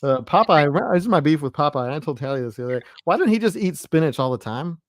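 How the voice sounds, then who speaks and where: A man's voice: fairly high pitch, animated, quick pace, no echo, studio quality. A man co-hosting a casual live chat, full of trivia and mock complaints. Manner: trivia-minded, mock-arguing. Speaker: co-host.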